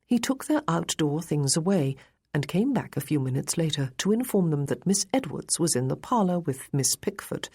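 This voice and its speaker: A woman narrating a period romance novel in a measured, even storytelling manner. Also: deep voice, husky. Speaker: audiobook narrator.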